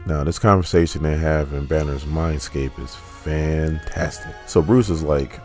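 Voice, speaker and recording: A man's voice: very deep voice, a little slow, darkish tone, faint music behind. A man in his forties casually retelling a comic story, with laid-back joking asides. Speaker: comic book recap host.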